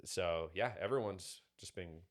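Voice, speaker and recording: On a podcast, a guest with a low voice rambles casually through his stories at a measured pace. His telling is packed with filler words.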